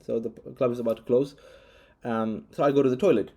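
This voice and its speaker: A man tells a long personal story straight to camera in a loose, casual vlog style. His voice is mellow and sits at a middling pitch. He wanders, restarts sentences and leans on fillers as he goes. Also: fairly even intonation, fast talker. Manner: rambling, frequent restarts and fillers. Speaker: vlogger.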